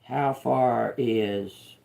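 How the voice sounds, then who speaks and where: A woman on a casual livestream, slowly reading out and repeating words one by one. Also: rumbling low, creaky, warm tone. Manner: slow, drawn-out, repeats words as she reads them. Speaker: tarot reader on a livestream.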